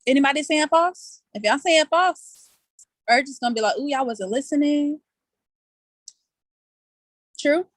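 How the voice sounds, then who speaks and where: A woman's voice: on the high side, fairly bright tone, dry recording. A woman hosting a casual live online quiz, chatty and playful, laughing often and speaking in loose colloquial slang, talking over a video call from outdoors. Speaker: session host running a quiz.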